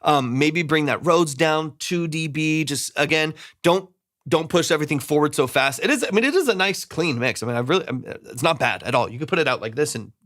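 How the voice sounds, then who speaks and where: A man's voice: fairly high pitch, lively intonation, a little fast, fairly bright tone, dry recording, studio quality. A man giving casual, hedging mix feedback as a music producer, repeating himself and humming parts with da-da sounds. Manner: hedging, repeats words, scats melodies with da-da. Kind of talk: casual live critique.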